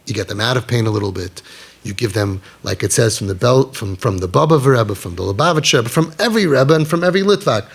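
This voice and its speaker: A man's voice: medium pitch, gravelly, slightly rough. A middle-aged man giving a parenting talk, telling stories animatedly, acting out quoted dialogue and asking emphatic rhetorical questions. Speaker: parenting guide.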